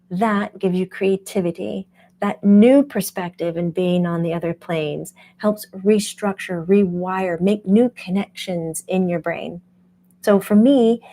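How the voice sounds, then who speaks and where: A woman who hosts a spiritual channel as a medium, teaching casually in an animated way and laughing often. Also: mid-range voice. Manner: animated, laughs often, acts out quoted voices.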